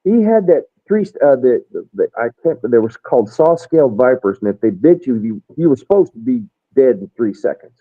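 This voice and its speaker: A man's voice: medium pitch, big pitch swings, a little fast, hardly any pauses. American man, military storyteller, rambling, phone-like tinny sound. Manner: rambling storyteller, acts out quoted soldiers. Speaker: retired first sergeant guest. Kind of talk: casual war stories.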